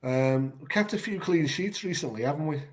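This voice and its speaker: A man's voice: fairly high pitch, lively intonation, fairly quick. A man, a podcast guest, chatting in a wry, self-doubting way. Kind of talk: casual chat. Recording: crowd noise behind the voice.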